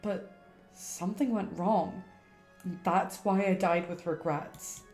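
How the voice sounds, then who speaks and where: Woman voicing a soft, sorrowful girl ghost. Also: on the low side, slow, roomy sound, faint music behind. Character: guilt-ridden, gentle teenage schoolgirl ghost. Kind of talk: reading game dialogue aloud on stream.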